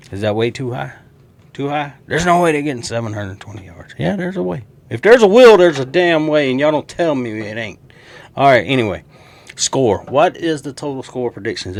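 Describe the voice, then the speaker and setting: A man with a Southern accent, hosting a casual football prediction show and talking to viewers in an animated, joking way. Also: medium pitch. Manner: animated, jokey, talks straight to viewers. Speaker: sports show host. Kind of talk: casual sports prediction talk.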